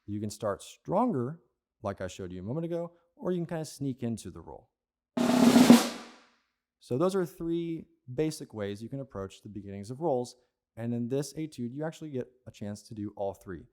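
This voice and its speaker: A man's voice: medium pitch, animated, normal speed, music in the background. A man teaching an advanced percussion lesson, explaining patiently and checking in with "okay?" and "right?" as he goes. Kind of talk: instructional lesson.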